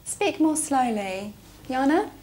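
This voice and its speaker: A middle-aged woman teaching an adult class, speaking clearly and slowing down to model phrases for her students. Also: sits high, very animated, darkish tone, a little hiss or hum. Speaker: English teacher.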